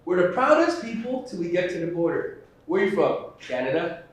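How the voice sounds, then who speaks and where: A man from Jamaica, doing a stand-up comedy set with punchy storytelling and quick character voices. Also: sits high, very animated. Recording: roomy, distant mic.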